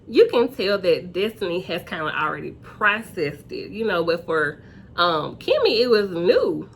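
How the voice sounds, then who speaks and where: A woman hosting a casual reality TV recap, chatty and acting out quotes in high voices. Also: sing-song, moderate pace, a bit bright, slight background noise.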